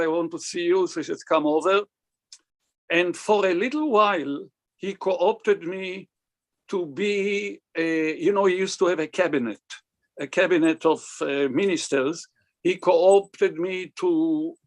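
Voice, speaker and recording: Older man telling lively stories. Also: a little high. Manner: animated, acts out quoted dialogue. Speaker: cantor, interviewee. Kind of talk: anecdotal storytelling.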